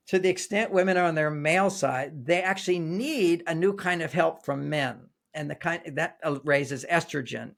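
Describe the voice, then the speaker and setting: Older male author guest, higher voice with gravel, storytelling and repeating himself as he explains. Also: a bit bright. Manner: storytelling, repeats and restarts phrases. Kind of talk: interview, explaining with anecdotes.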